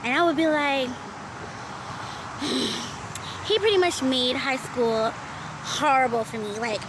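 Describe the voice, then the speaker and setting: Speaking at a moderate pace in a voice that sits high, this young Bahamian vlogger chats casually as she climbs a hill outdoors in the heat. She's slightly winded, and there's plenty of outdoor noise around her.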